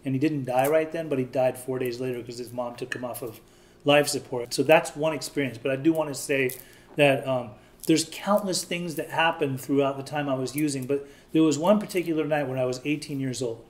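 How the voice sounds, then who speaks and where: A brisk, mid-range voice belongs to a man in his thirties from Southern California. Interviewed about his own story, he speaks candidly and plainly, acting out the voices of those he quotes.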